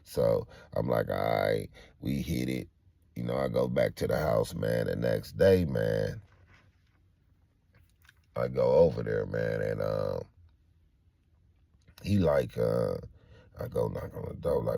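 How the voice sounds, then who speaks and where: A man with a very low, gravelly voice tells a true-crime story from his own life in a loose, casual way, full of slang, fillers and side remarks. His pitch swings widely as he acts out the people in it. The sound is dry and close. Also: slow pace, pauses often, no echo. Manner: acts out quoted people, jumping much higher when excited.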